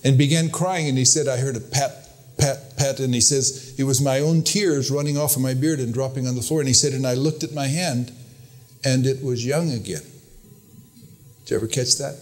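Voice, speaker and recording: Preaching at a moderate pace, this older man has a slightly mellow voice. He tells stories earnestly and emphatically, lifting his pitch to quote others.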